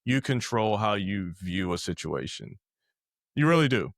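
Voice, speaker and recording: A male podcast host with a fairly low voice talks with his guest, full of enthusiasm. His speech is quick and energetic. The recording is dry and close. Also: vocal fry, no room sound. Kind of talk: casual interview chat.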